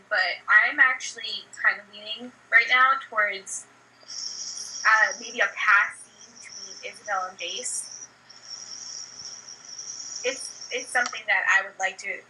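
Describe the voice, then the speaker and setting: A young woman chatting on a fan podcast over a video call, animated but hesitant, swearing casually. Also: mid-range voice, husky, rough recording. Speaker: podcast co-host. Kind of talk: casual chat. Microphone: computer mic on a video call.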